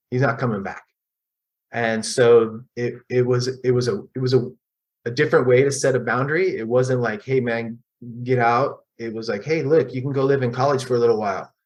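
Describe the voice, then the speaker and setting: A man's voice: mid-range voice, rough recording. Middle-aged guy sharing at a support meeting, lots of ums and restarts, honest. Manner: halting, many restarts and ums, candid. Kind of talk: personal recovery share.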